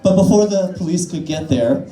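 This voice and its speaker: A woman's voice: fairly low pitch, expressive, normal speed, warm tone. A trans woman in her twenties doing a crude, self-deprecating stand-up set, rambling with fillers. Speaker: stand-up comedian. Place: small cafe-bar stage. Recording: echoey bar room.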